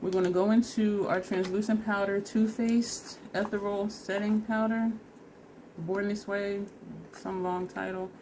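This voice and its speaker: A woman's voice: medium pitch, steady tone, measured pace, a little mellow, slight background noise. A woman vlogger casually talking through a makeup try-on step by step, chatty and laughing at herself, teary and sniffly from allergies. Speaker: beauty vlogger.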